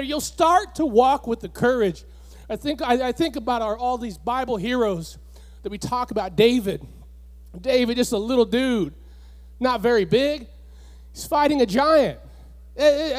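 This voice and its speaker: A pastor preaching a sermon with passion, repeating lines and building up to shouts. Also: male voice, very high-pitched.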